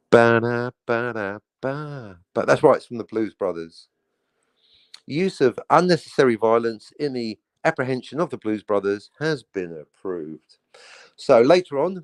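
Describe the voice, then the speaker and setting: A man banters playfully through a casual podcast chat, his pitch rising and falling all over. His voice sits in a middle range, and his delivery stays light and jokey. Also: a little mellow, no echo. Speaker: podcast co-host. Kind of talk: casual chat, joking monologue.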